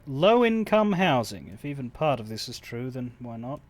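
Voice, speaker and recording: A male streamer reading video game dialogue aloud, halting and stumbling a little over words. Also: mid-range voice, fairly even intonation.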